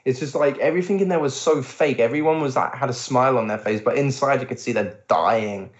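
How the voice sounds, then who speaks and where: A young man co-hosting a podcast in casual chat, animated when telling stories and acting out what others said, swearing freely. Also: medium pitch, fairly quick. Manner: animated storytelling, acts out quotes, swears. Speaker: podcast co-host. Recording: roomy, dull lo-fi sound.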